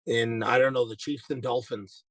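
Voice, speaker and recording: A man with a husky voice chats easygoingly in a casual live conversation. His sound is dry and close, and he hesitates and repeats himself often. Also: mid-range voice, steady tone, moderate pace, fairly bright tone, dry recording. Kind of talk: casual chat.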